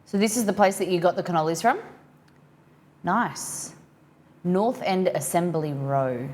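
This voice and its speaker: A woman's voice: fairly low pitch, measured pace, pauses often, a little mellow, slight background noise. Chatty Australian woman live-streamer. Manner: chatty, reads viewer comments aloud and reacts. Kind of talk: live-stream chat with viewers.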